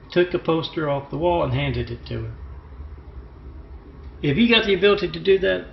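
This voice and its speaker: A man delivering a rambling, disjointed self-promotional monologue, halting with fillers. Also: a little high, gravelly. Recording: muffled lo-fi recording with faint hiss.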